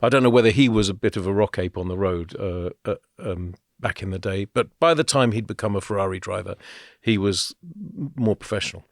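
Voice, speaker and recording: A man's voice: lowish voice, brisk, no echo, clean studio sound. Chatty man on a podcast. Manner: chatty, storytelling, with fillers and laughs. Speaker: podcast co-host. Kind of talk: casual podcast chat.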